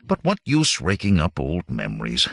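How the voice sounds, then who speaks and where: A man's voice: rumbling low, huge pitch swings, moderate pace, gravelly, no room sound, clean studio sound. A man narrating a fantasy novel as an audiobook, reading dramatically. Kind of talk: scripted narration.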